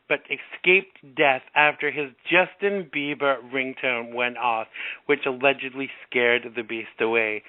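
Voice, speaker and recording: A man's voice: on the high side, no room sound. A male radio host chatting casually and jokily, often restarting his sentences, heard over a tinny phone line. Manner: hesitant, lots of restarts, jokey. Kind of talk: casual talk-radio chat.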